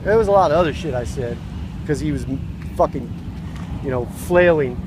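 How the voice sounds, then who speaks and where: A man's voice: a little high, animated, brisk, noisy background. A man in a heated street argument with protesters, profane, rambling and combative, recorded outdoors. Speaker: passerby arguing with protesters.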